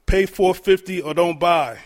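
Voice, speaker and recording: A man puts on a blunt takeout shop owner in a spoken story. He is curt and matter-of-fact, and his voice is a bit high. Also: a little slow.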